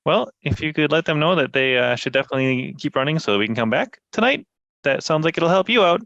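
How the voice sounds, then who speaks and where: Lively higher-voiced man playing a tabletop game. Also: fast, creaky, dry recording, dull audio. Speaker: player. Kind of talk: in-character table talk.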